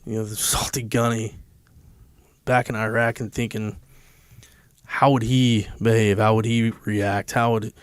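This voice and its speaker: A man's voice: on the low side, flat delivery, measured pace, pauses often, smooth, no echo. A man from the United States, a podcast guest, telling a personal story in a candid, profane and emotional way.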